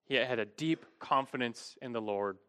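A man's voice: medium pitch, moderate pace, pushed and bright, clean tone. A middle-aged man preaching an expository sermon, earnest and emphatic, often restarting his phrases.

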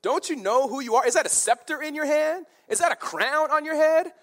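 A man's voice: very high voice, a little fast, fairly bright tone, pitched above the performer's own voice. A man voicing a scornful queen who scolds her sulking husband in a raised, incredulous voice.

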